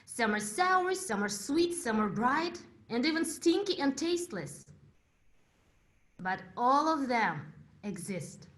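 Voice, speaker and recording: Her high, very animated voice has a fairly bright tone as she gives a prepared contest speech in English. She is a young Uzbek woman, Russian by native tongue, who tells her story with dramatic pauses.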